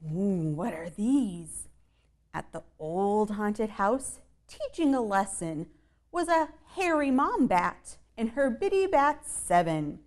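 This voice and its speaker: In a middle-register voice, a woman reads a picture book to children at an unhurried pace, her pitch swinging up and down a lot. The rhymes come out sing-song, and she breaks off for playful asides and questions to her young audience.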